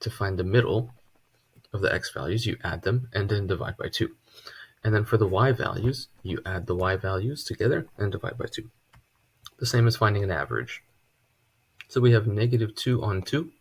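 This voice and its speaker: A man teaching a casual math lesson at a board, relaxed and chatty, with joking asides. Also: lowish voice, normal speed, husky. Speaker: math tutor.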